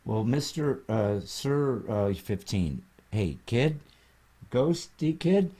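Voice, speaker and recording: A man hosts a comedy podcast interview with playful, mock-serious questions. His voice sits at a middle pitch but swings in lively, animated jumps as he builds a joke. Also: slow.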